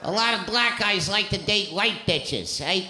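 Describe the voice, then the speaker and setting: Brash high-voiced comic in an echoey club. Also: male voice, animated, unhurried. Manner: brash, profane, laughing at his own jokes. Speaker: stand-up comedian. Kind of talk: crowd-work stand-up. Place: comedy club stage. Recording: echoey club with loud room noise.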